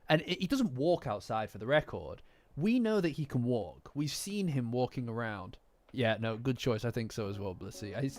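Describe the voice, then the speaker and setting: A young man with a British accent chatting casually as a manga reaction streamer, swearing freely, answering live comments and acting out characters in quick asides. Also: medium pitch. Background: soft lofi music.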